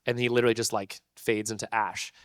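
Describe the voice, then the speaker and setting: Animated, slangy man telling stories. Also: fairly low pitch, fast talker, smooth, no room sound, studio quality. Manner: animated, laughing, heavy slang. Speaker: convention panel guest. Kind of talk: casual storytelling to an audience. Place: convention panel room.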